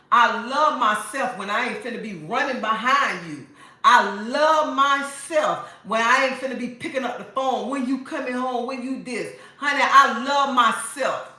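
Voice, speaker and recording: A woman lectures her viewers in an emphatic, preachy way, hammering her points home through repetition. Her voice is bright and forceful. It rings around a very echoey room. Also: on the high side, moderate pace. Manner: emphatic, preachy, repeats herself for effect. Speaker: live-stream host. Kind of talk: casual advice talk to viewers.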